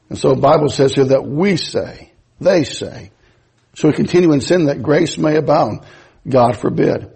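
A man's voice: on the high side, expressive, normal speed, creaky, dark tone, slightly rough, rough recording. A man preaching a sermon in a folksy, emphatic way, mixing scripture with personal stories. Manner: folksy, storytelling, emphatic rises.

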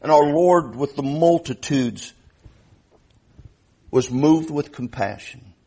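A man's voice: on the high side, slow, dark tone, slightly rough. An older man preaching a sermon as pastor, earnest, telling stories with frequent restarts.

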